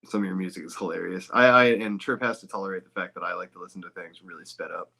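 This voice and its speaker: A man with a very deep voice that still sounds bright and forceful up front. He rambles loosely through a casual podcast chat, tossing in swears and side remarks. The talk stays relaxed and offhand. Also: fast, gravelly. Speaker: guest voice actor.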